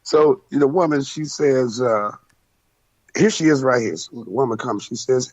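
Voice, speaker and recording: A man's voice: medium pitch, a little fast, no echo, lo-fi sound. A man co-hosting a casual radio chat, telling laid-back anecdotes. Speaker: co-host, spiritual priest.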